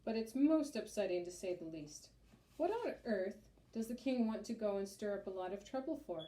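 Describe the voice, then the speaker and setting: A fussy, self-important town mayor fills a storybook scene with bluster and bellowing, as a woman puts him on. The voice sits mellow and soft-edged. A roomy echo hangs around each line. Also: medium pitch, expressive, normal speed, lightly acted. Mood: worried. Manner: bellowing, pompous.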